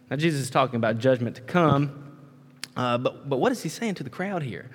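A man's voice: mid-range voice, animated, brisk. A man preaching a sermon in a conversational way, repeating words, with frequent "right?" asides and folksy emphatic turns of phrase. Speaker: pastor. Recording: long reverb of a large hall.

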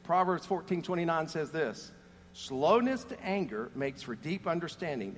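A man's voice: fairly high pitch, expressive, moderate pace, big-room sound, slight background noise. A man preaching a sermon, telling jokes and stories between scripture readings. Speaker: pastor.

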